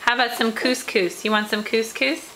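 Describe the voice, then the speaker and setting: Mom on a handheld home camera, higher voice, bright tone, patient coaxing of a toddler. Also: female voice, steady tone, slight background noise, poor audio. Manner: coaxing, slow and encouraging, with repeated praise. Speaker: mother filming her toddler. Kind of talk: home video talking to a small child.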